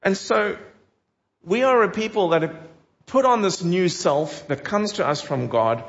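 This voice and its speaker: A man preaching a sermon in an earnest, emphatic way, putting direct questions to his listeners. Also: on the high side. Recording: dull lo-fi recording.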